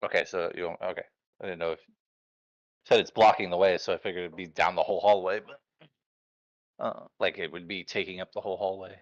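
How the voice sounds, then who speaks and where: A man playing a tabletop game, asking the game master quick questions about the rules. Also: low-pitched, steady tone, no room sound, dull audio. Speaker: player. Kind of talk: casual tabletop play.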